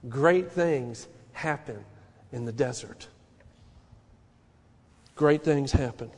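A man preaching a sermon as pastor, with a passionate delivery that swings between quiet stretches and loud rising peaks. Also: mid-range voice, takes it slowly, breathy edge, big-room sound.

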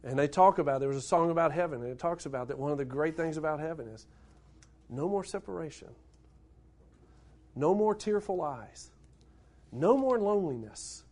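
A man's voice: a little high, darkish tone. A middle-aged man, preaching a sermon to his congregation, building up to emphatic points and putting questions to them. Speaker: pastor.

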